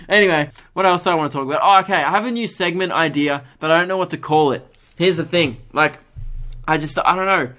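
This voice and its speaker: Man telling a rambling story. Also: a little fast. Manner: animated, jumps into higher voices to mimic others; self-mocking, swears freely. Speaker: podcast host. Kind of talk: casual solo podcast storytelling.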